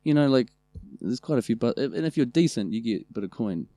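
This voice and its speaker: A man with a New Zealand accent, co-hosting a podcast and telling family stories in a loose, animated way, with a lot of swearing. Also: medium pitch, a little fast, no echo. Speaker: podcast co-host. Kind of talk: casual storytelling chat.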